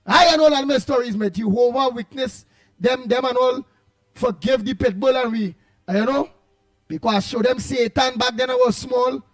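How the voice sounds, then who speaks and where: High-voiced Trinidadian man hosting radio. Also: normal speed, no room sound, studio quality. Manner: rambling, playful, bursts of loud greetings. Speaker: radio show host. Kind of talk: casual call-in radio chat.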